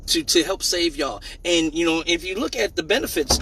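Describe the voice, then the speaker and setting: A man's voice: a little high, animated, moderate pace, sharp tone, slight background noise, low-quality recording. A man hosting a crude comedic live stream at home, joking in a mock-serious preaching way. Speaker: live show host.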